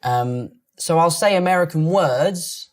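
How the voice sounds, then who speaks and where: A man's voice: fairly high pitch, unhurried. A man with a London accent, chatting casually and joking as he answers fan comments about himself. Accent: London English. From London, England. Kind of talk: casual chat reacting to online comments.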